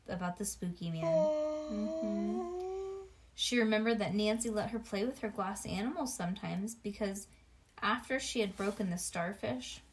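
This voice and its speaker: A woman reading a children's storybook aloud, animated, with asides to a child listening. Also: mid-range voice. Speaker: reader.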